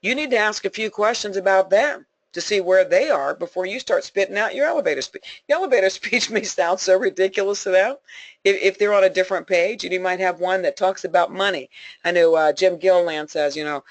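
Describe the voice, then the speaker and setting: A woman's voice: medium pitch, brisk, no room sound. A woman leading a sales team, giving a motivational conference call talk in a folksy, emphatic way, repeating points for emphasis and laughing often.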